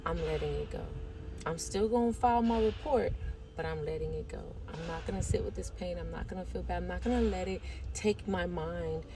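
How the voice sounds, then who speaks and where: A woman's voice: fairly low pitch, fairly quick. An American woman vlogging, telling a personal story to camera in an emphatic, emotional way and repeating herself for stress. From United States. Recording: noisy background.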